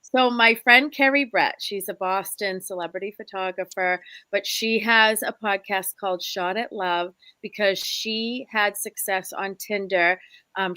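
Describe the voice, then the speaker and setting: This woman speaks as a spirit medium guest on a talk show. Her storytelling is animated, and she jumps into other people's voices mid-story. The recording is dry and close. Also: medium pitch, dry recording. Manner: expressive, acts out quoted voices, laughs often. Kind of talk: animated storytelling in a casual interview.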